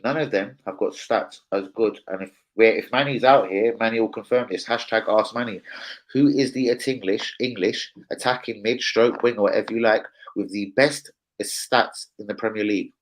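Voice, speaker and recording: Hosting a live football chat stream, a man with a lowish voice at normal speed talks chattily and in slang directly to his co-host. The audio quality is poor.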